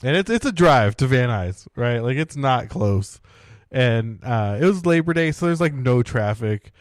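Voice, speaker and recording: A man's voice: mid-range voice, expressive, unhurried, dry recording, studio quality. Rambling man telling a story. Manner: rambling, many "like" and "right?" fillers. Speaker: podcast co-host. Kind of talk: casual storytelling.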